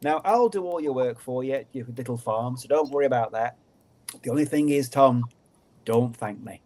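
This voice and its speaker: A man voicing a tiny spiteful male fairy creature with a high, sing-song, teasing voice in a spoken folk tale. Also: normal speed, darkish tone, close to an everyday voice. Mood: sly.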